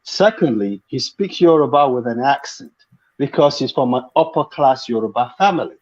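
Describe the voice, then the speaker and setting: A man's voice: medium pitch, expressive, normal speed, darkish tone, muffled recording. A man joining a casual panel chat over a video call, explaining things at length with many restarts and fillers. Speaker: panel guest.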